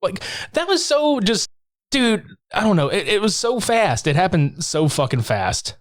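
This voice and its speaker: A man's voice: high voice, very animated, unhurried, no room sound, clean studio sound. A man co-hosting a podcast, casually recapping a movie with lots of swearing and jokey mock voices. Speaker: podcast co-host. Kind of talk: casual chat.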